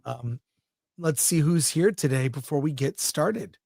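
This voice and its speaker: A man's voice: fairly high pitch, unhurried, creaky, a little mellow, no room sound, studio quality. A man co-hosting a casual film chat, talking in an enthusiastic, chatty way and describing what he sees on screen. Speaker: podcast co-host.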